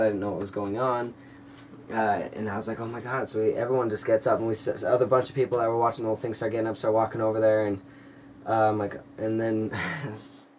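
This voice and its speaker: Talking casually to the camera, this young vlogger rambles through a personal story with sincere energy, filling gaps with fillers and sometimes performing other people's lines. He has a lowish, slightly mellow voice. A distant mic and a bit of hiss or hum make for low-quality sound.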